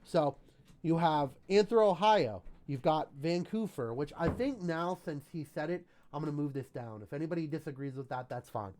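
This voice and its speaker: A man's voice: a little high, animated, moderate pace, darkish tone, a little hiss or hum. A man hosting a casual livestream call-in show, rambling and self-deprecating as he chats with viewers.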